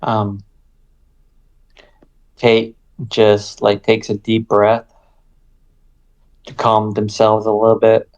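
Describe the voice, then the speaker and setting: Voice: mid-range voice, completely flat delivery, takes it slowly, pauses often, darkish tone, muffled recording. A player describing their character's actions in a tabletop game, hesitant and full of fillers.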